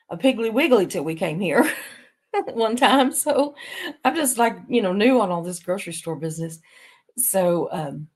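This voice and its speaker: A woman with a Southern accent rambling casually on a live stream, a little nasal from allergies, laughing often. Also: medium pitch. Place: bedroom of a vacation stay.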